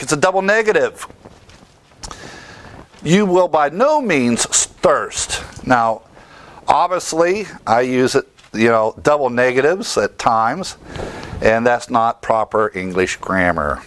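A man's voice: a little high, a bit bright. A man giving expository Bible teaching in a conversational way, repeating key words for emphasis and rattling off lists of verse references.

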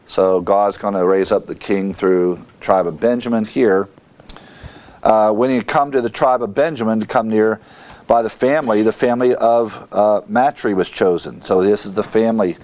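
Low-voiced man teaching a Bible lesson. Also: darkish tone. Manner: reads scripture aloud, then explains it with halting asides.

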